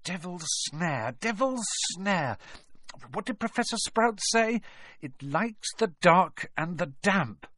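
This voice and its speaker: A man doing a shrill bossy schoolgirl witch. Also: expressive, slow, bright, forceful tone, exaggerated voice. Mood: flustered. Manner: shrill, commanding, flustered.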